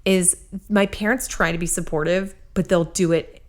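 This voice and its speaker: A woman's voice: lowish voice, fairly even intonation, normal speed. Foul-mouthed woman comic telling stories. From New England. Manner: swears freely, acts out her dad's lines with big laughs. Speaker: stand-up comedian, podcast guest. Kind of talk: casual podcast chat.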